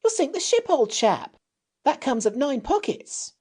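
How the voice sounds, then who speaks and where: A man voicing a cheeky, teasing young boy in a storybook reading, pitched well up. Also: very animated, unhurried, darkish tone, exaggerated voice. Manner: teasing, chummy.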